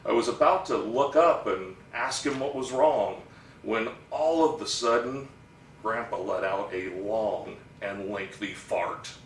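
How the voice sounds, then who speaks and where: Slow-telling man on a distant stage. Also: lowish voice, a little hiss or hum. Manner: slow, deliberate comic storytelling. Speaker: stage actor performing a monologue. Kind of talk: theatrical storytelling monologue. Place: theatre stage. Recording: roomy stage sound from a distant mic.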